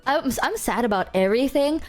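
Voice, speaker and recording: Animated woman ranting to her stream. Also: high-pitched, brisk. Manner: animated, emphatic ranting with frequent swearing. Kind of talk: casual chat to stream viewers.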